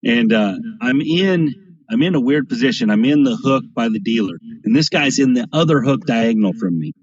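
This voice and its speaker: A man's voice: medium pitch, animated, normal speed. A man casually telling rambling anecdotes on a live stream, often checking in with "right?". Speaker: craps streamer guest. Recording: lo-fi stream audio.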